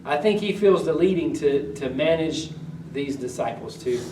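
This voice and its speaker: Echoey pastor preaching from afar. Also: male voice, a little high, expressive, normal speed, noisy background. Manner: reads old-style scripture then retells it in everyday talk, questions the congregation. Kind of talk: conversational sermon with scripture reading. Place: church sanctuary. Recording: echoey room, voice from a distance.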